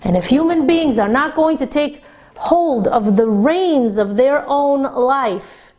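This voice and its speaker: Slow, high-voiced woman teaching Torah. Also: lively intonation, a little mellow. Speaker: religious teacher. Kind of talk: Torah lesson for women.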